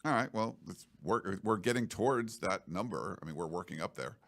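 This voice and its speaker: A man's voice: deep voice, animated, normal speed, gravelly, a bit bright. A man hosting a studio podcast, chatting in a loose, rambling, joking way. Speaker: podcast host. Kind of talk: casual chat.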